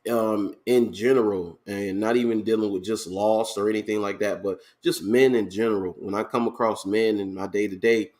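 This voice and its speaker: A man's voice: fairly low pitch, fairly even intonation, moderate pace, hardly any pauses, darkish tone. A man co-hosting a podcast, speaking in an easygoing, thoughtful, casual way. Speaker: podcast co-host.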